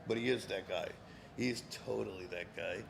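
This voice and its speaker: Speaking at normal speed in a lowish voice with vocal fry, this Connecticut man in his fifties, once a pro wrestler, spins rambling, profane, filler-heavy stories as a guest on a live show. The cigar lounge setting adds slight background noise.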